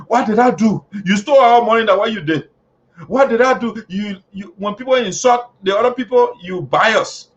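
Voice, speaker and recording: Mocking high-voiced man ranting. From Liberia. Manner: mocking, taunting, chanting jeers. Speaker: online show host. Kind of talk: heated political commentary. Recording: dull lo-fi audio.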